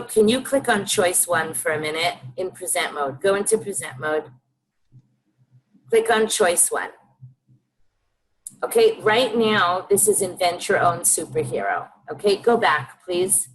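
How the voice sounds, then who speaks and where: A teacher on a video call, giving brisk instructions to a colleague during a live demo. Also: female voice, medium pitch, a little hiss or hum, low-quality recording. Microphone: computer mic on a video call.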